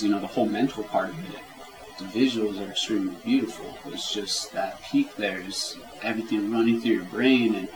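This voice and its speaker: A relaxed man with a fairly low voice talks casually as an interview guest, rambling and leaning on fillers. Crowd chatter is clearly audible behind him throughout. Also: low-quality recording.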